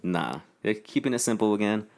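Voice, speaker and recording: Young male co-host, very low smooth voice, laid-back. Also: lively intonation, brisk, a little mellow. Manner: laid-back, reads off news items. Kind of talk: casual chat.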